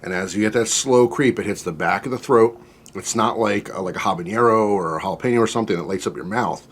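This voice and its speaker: A man with a fairly low voice rambles casually through a spicy soup taste test. He fills gaps with "um" and "like" and drifts off topic. His mouth burns from the heat as he talks. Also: quick pace, breathy edge. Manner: chatty, rambling, with many fillers and asides. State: mouth burning from spicy food. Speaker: food reviewer.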